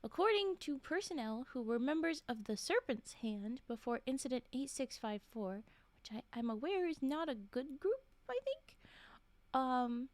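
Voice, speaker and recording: With a high voice and no echo, a woman streamer reads eerie stories aloud in a laid-back session. Chatty throughout, she frequently pauses to react, laugh, whisper asides and answer chat.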